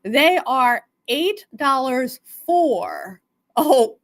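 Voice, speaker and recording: Chatty live-sale host, woman, unhurried, highish voice. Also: animated. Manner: chatty, greets viewers by name. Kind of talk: casual live-stream selling chat.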